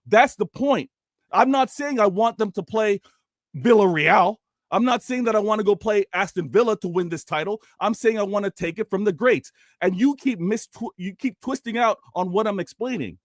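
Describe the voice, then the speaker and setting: High-pitched guy arguing his point on a call, dry sound, keeps saying let me respond. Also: normal speed, dry recording. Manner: insistent, keeps demanding to respond. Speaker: panelist. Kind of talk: heated football debate.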